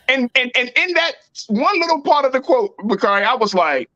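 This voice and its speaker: Animated, slangy male talk show host. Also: very high voice, fairly quick, few pauses, no echo, highs cut off. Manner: animated, emphatic, slangy and repetitive. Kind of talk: casual political talk show chat.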